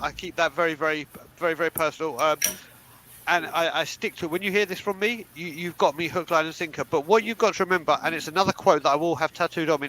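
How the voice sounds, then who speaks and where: High-voiced blunt man. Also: pushed and bright, slight background noise, rough recording. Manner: blunt, emphatic, swears freely. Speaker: podcast co-host. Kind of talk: candid panel talk.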